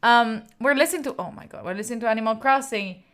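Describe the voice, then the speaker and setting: A woman's voice: fairly high pitch, quick pace, fairly bright tone. A woman from Italy hosting a study live stream, chatting playfully with her viewers, laughing and swearing often. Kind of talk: casual live-stream chat.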